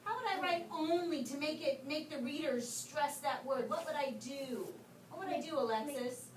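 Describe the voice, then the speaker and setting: A woman teacher coaxing young pupils through a writing lesson, asking questions and reading words aloud slowly. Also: sits high. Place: classroom. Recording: roomy, distant, noisy classroom.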